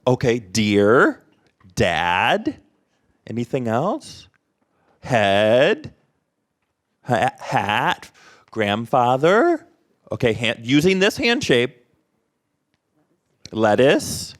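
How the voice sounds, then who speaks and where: A man's voice: medium pitch, huge pitch swings, very slow, pauses often. A man voicing a presenter at an interactive workshop, quizzing the audience with short prompts and questions.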